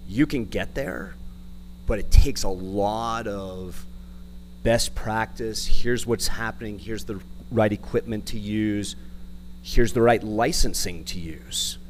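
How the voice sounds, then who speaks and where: A man's voice: fairly low pitch, takes it slowly, a little hiss or hum. A man in the audience of a conference session, talking in a businesslike way and listing his points. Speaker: audience member, systems integrator. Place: conference room.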